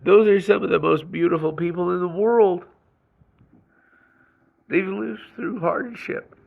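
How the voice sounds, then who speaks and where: Man, slow-talking and angry, gravelly voice, raw emotional rant, dull lo-fi sound with faint music. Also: sits high, steady tone. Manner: angry, raw venting with restarts and swearing. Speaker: vlogger. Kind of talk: emotional personal rant to camera.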